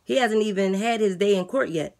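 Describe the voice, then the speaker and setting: A woman playing a weary jail guard who relays messages in a flat, matter-of-fact way. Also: mid-range voice, a little fast, gravelly, lightly acted. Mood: scolding. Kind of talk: comedy skit character voice.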